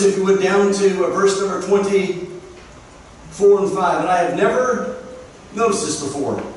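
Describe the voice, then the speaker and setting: A pastor with a high voice preaching earnestly, repeating himself for emphasis. The room is strongly echoey, and he is picked up from a distance. A faint hiss sits underneath. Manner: earnest storytelling, emphatic repetition. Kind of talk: sermon. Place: church sanctuary.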